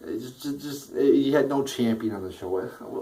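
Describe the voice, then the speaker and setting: A man's voice: medium pitch, expressive, moderate pace, a little mellow. A young man giving a casual, profane rant reviewing a wrestling show, often restarting his sentences and getting worked up. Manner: profane, frustrated ranting with frequent restarts.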